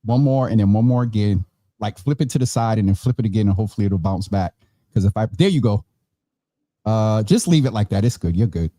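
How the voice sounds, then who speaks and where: A tired man hosting a relaxed, chatty online show from a warm room at home, laughing now and then. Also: fairly low pitch, a little fast, dry recording. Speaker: host. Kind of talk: casual chat. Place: hot room at home with vents and fan. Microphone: phone or video call.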